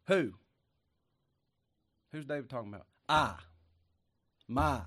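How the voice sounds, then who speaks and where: A pastor preaching a folksy sermon while sick with a cough and short of breath, moving from quiet musing to loud emphatic lines. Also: male voice, a little high, lively intonation, normal speed, pauses often.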